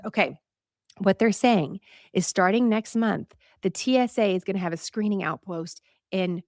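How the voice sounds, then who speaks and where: A woman's voice: medium pitch, normal speed, dry recording, clean studio sound. Chatty woman hosting a news show. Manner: chatty and animated, laughs and asks viewers questions. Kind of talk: casual news commentary to a live audience.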